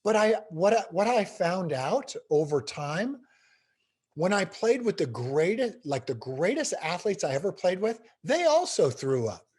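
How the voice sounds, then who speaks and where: Husky, animated man telling a story. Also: high-pitched, measured pace. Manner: animated, building intensity. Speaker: guest speaker. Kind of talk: storytelling interview answer.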